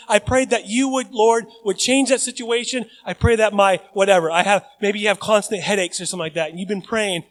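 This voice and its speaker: A man preaching a sermon as pastor, mixing chatty asides to the congregation with loud, emphatic calls. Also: high voice, normal speed.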